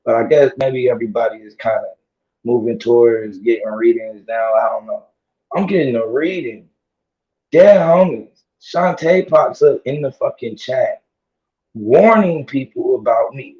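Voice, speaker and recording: A man ranting casually to his audience in heavy slang, laughing and repeating himself, his voice strained from yelling. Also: medium pitch, measured pace, roomy sound. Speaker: vlogger. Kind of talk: casual rant to camera. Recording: dull lo-fi audio.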